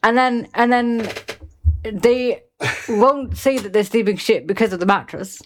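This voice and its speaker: A woman's voice: fairly high pitch, measured pace. A woman co-hosting a podcast, chatting casually with blunt, emphatic opinions and frequent swearing. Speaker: podcast co-host. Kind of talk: casual chat.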